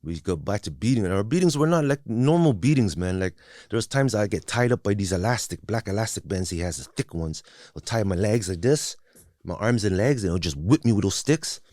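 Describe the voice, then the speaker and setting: This is candid personal storytelling from a male guest in his forties whose first language isn't English. He's blunt and profane, restarting a lot and saying "you know what I mean." His fairly low, slightly mellow voice is animated and a little fast, with no echo in the studio-quality sound.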